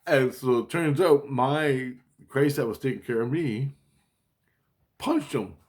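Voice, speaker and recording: Excitable, profane man telling a story. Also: mid-range voice, takes it slowly. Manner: excitable, profane, repeats exclamations. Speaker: personal storyteller. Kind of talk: casual rambling monologue.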